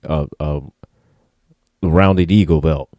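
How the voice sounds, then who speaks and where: A man's voice: very deep voice, fairly even intonation, takes it slowly, warm tone, no room sound, studio quality. A man co-hosting a livestream, complaining in a laid-back but profane way. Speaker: co-host. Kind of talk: casual livestream banter.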